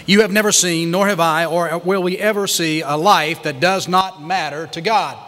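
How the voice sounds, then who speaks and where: A man preaching a sermon as pastor to his church, emphatic, repeating key lines and slowing down to stress them. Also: a little high, fairly even intonation, fairly bright tone. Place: church sanctuary. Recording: long hall reverb.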